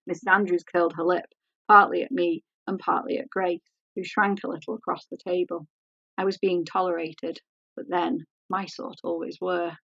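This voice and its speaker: Gravelly-voiced woman reading her novel. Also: on the low side, steady tone, fairly bright tone, dry recording, dull audio. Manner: measured, composed narration. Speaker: author.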